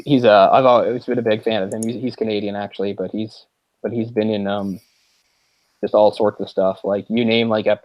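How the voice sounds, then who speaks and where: A man's voice: lowish voice, a little mellow, no echo. A man co-hosting a film podcast, chatting casually and rambling with frequent restarts. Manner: rambling, many restarts and fillers. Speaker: podcast co-host.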